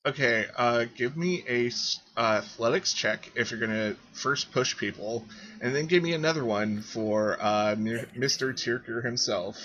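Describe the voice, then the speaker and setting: A man's voice: mid-range voice, normal speed, sharp tone, lo-fi sound. A man narrating as game master, describing scenes and speaking directly to the players.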